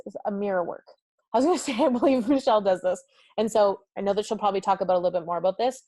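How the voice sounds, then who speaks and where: A woman hosting a live-streamed motivational talk, energetic and effusive, laughing often and reading viewers' comments aloud. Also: medium pitch, dry recording. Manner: talks directly to viewers and reads comments aloud. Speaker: summit host.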